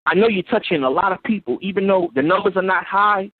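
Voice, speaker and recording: A man calling in to a show, earnest and pleading, halting with fillers as he speaks. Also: high-pitched, no room sound. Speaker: caller. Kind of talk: call-in phone talk. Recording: tinny phone line.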